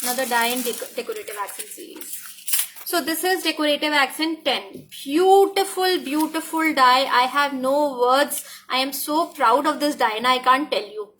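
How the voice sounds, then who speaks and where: A woman's voice: high-pitched, moderate pace, pushed and bright, a little hiss or hum. A woman with an Indian English accent, a craft die designer giving an enthusiastic product demonstration, often repeating herself and slipping into Hindi. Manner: enthusiastic, repeats "look at this", code-switches to Hindi.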